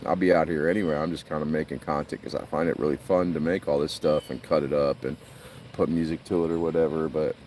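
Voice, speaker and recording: A man's voice: a bass voice, steady tone, fast, a little mellow, far from the mic, a little hiss or hum. A middle-aged man chatting on a phone livestream by a lake, rambling and laughing as he tells stories. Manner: laughs a lot, rambling storyteller. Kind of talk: casual live-stream chat. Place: outdoors by a lake.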